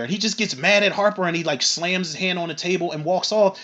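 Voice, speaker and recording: A man recapping and reviewing a TV episode in a casual, animated and profane way, acting out bits of dialogue. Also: high voice, a little fast, few pauses, muffled recording. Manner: animated, profane, retells scenes with acted quotes. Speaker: film and TV reviewer.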